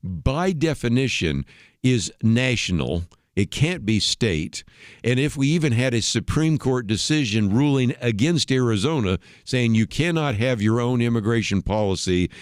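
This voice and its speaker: A man's voice: medium pitch, animated, moderate pace, no echo, studio quality. A man hosting a talk radio show, giving conversational commentary and explaining history step by step.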